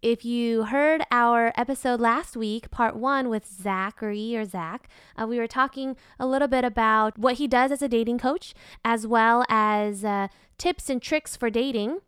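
A woman co-hosting a podcast in casual chat, chatty and playful, quick to laugh. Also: a little high, fairly bright tone, clean tone, no room sound, studio quality. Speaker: podcast co-host.

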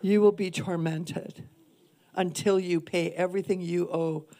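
A woman's voice: fairly low pitch, steady tone, a little slow, mellow. A woman minister preaching a sermon with earnest emphasis, repeating key points for weight. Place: church.

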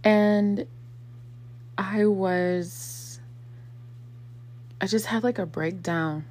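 A woman's voice: medium pitch, very slow, darkish tone, slight background noise. Casual, reflective woman vlogger. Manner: conversational, many fillers, acts out quotes.

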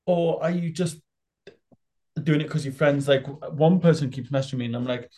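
A man's voice: on the high side, normal speed, mellow. A man co-hosting a coaching podcast, telling stories in exasperated, sweary casual chat.

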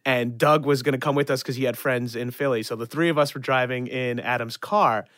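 A man telling a funny story on a podcast, animated, laughing often and leaning on "like" as he talks. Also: mid-range voice, a little fast, no echo, studio quality. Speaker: podcast guest. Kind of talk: casual comedic storytelling.

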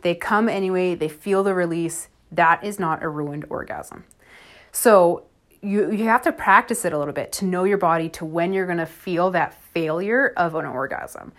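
A woman's voice: lowish voice, moderate pace, fairly bright tone. Frank, chatty woman podcast host. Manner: frank and chatty, laughs often, many fillers. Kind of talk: casual solo podcast monologue.

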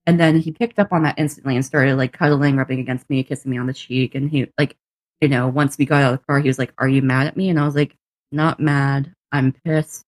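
This podcast co-host has an extremely low voice and talks fast, with no room sound on the recording. Telling a personal story in casual chat, she animatedly plays both parties in each exchange, laughs frequently, and swears casually.

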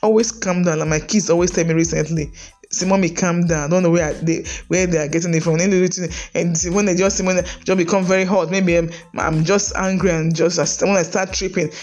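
A woman's voice: on the low side, fairly even intonation, a little fast, a little mellow, faint music behind. A middle-aged woman with a Nigerian accent, counseling couples on a podcast in an earnest, pleading way, often restarting phrases. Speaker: marriage counselor, podcast host. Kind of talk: pastoral podcast talk.

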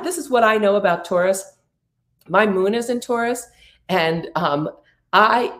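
A middle-aged woman talks through astrology and prosperity coaching in an earnest, soothing voice, with a playful streak now and then. Her pitch sits slightly low for a woman. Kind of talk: astrology talk and coaching monologue.

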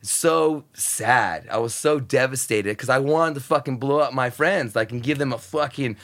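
A man with a mid-range voice and moderate pace, he hosts satellite radio and is a podcast guest here. His interview is casual storytelling, animated and profane, with impressions of crowd and crew voices.

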